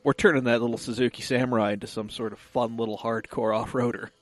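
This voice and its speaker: A man of middle pitch talks in a laid-back, self-mocking way on a car podcast and laughs often. His phrasing is loose and casual. The recording is dry. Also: fairly even intonation, quick pace, no room sound. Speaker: podcast co-host.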